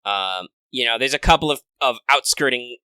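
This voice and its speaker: Man, game master, bright voice, dry close mic, rambling narration. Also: medium pitch, normal speed, clear, resonant tone, no echo, poor audio. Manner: rambling, many fillers and restarts.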